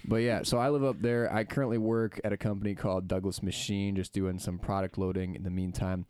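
A young man telling stories in a casual podcast chat, lively and quick to mimic others. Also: low-pitched, clear, resonant tone, dry recording. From United States. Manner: lively storyteller, slips into mimicking voices. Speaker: podcast guest.

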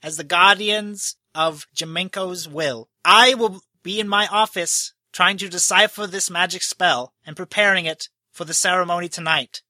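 A fussy, anxious official stammers through his grand announcement, his voice pitched high and sharp, as a man acts him out. The sound is dry and close. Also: no room sound, full character voice. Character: nervous fussy male estate official reading a will.

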